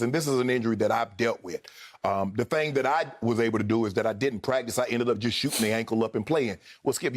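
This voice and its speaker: A man co-hosting a sports debate show, arguing emphatically and repeating his points. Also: mid-range voice.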